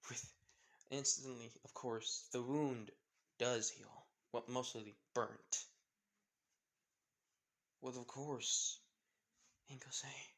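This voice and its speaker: A man's voice: mid-range voice, steady tone, slow pace, pauses often, fairly bright tone. A man improvising a fan story, rambling along and stringing scenes together with restarts. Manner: rambling, heavy use of "with, of course" and restarts.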